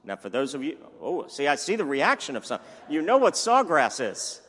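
A male pastor preaching with energy and playful humor, his voice sitting a little high. The sermon rings out through a church sanctuary with a long, echoing reverb behind every phrase. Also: huge pitch swings, moderate pace, fairly bright tone, husky. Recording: echoey church hall.

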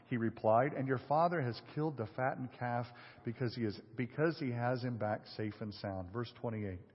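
A man preaching a sermon in a large hall, his voice trailing into long reverb. He reads scripture passages aloud and then talks them through in a relaxed, conversational way, with the occasional filler. The audio is dull and muffled. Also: mid-range voice, slightly rough. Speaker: pastor.

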